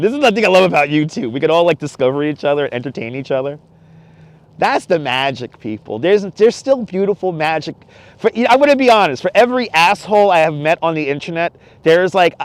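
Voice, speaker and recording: A man's voice: a little high, no echo. Chatty New man streaming outdoors. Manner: chatty, laughs often, reads chat aloud. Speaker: livestream host. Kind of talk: casual live stream chat. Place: outdoors on a cold beach sand dune at night. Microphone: wireless clip-on mic.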